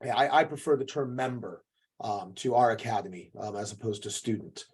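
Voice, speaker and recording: A man's voice: mid-range voice, fairly quick, a little mellow, breathy edge. A man co-hosting a podcast as a jiu-jitsu coach, giving an emphatic, profane motivational talk that keeps checking in with "okay".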